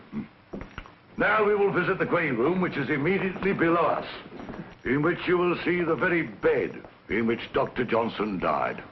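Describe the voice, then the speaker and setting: A man's voice: medium pitch, lightly acted. Man as theatrical tour guide, lecturing; muffled old film track, light hiss. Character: pompous male museum tour guide. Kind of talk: 1940s film acting. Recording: dull old film soundtrack with faint hiss.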